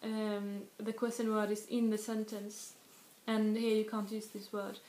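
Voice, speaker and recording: A woman's voice: medium pitch, flat delivery, a little mellow. Woman teaching in an echoey room. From Sweden. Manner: explains slowly with many restarts and spoken example words. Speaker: language tutor. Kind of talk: casual video lesson. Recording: echoey room with faint noise.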